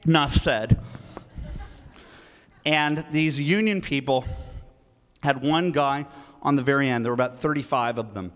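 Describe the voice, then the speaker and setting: A man giving a live speech at a political rally, telling a story in an emphatic, animated way. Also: mid-range voice, a little slow, pauses often. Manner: animated, emphatic, breaks into laughter, acts out quoted lines. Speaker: guest speaker at a political rally. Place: large event hall. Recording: reverberant hall with faint noise.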